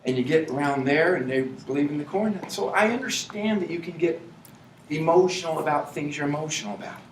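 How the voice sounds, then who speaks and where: Man giving a motivational speech, fairly high voice, laughing often, recorded from afar in an echoey hall. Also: a little fast, a little hiss or hum. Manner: animated, laughs often, builds to shouting. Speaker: motivational speaker at a company event. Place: event hall with an audience. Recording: echoey hall, mic from far off.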